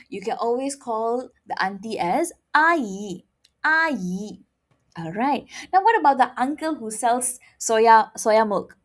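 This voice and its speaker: A woman leads a playful beginner language lesson, her voice swooping up and down as she repeats each word. She speaks at an unhurried, deliberate pace, pitched a little above most women. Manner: upbeat, drills words with rising repetition. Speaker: Mandarin teacher.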